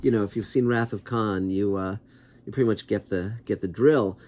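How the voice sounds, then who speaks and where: Male host, low-ish voice, conversational and digressive, skeptical asides. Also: moderate pace, darkish tone. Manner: rambling, conversational, many asides; skeptical, wry. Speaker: TV writer and show host. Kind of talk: casual commentary to camera.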